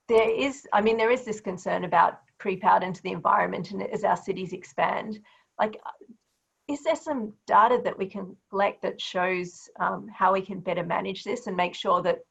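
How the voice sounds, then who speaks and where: A woman's voice: mid-range voice, gravelly, a bit bright, husky, dull audio. A woman moderating a webinar, asking loose, conversational questions. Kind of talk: casual moderating.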